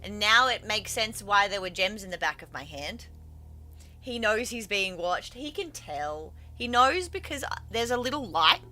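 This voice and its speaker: Her voice sits at a medium pitch with a sharp edge as she plays games on stream, bantering playfully and cooing at her cat. She also reads the game's text aloud with dramatic flair over faint stream music.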